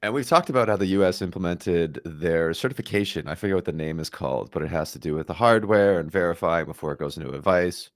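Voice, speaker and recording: A man's voice: deep voice, fast talker, hardly any pauses, dry recording, clean studio sound. A man co-hosting a tech podcast, upbeat and casual, laughing often as he talks through the news. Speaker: podcast co-host.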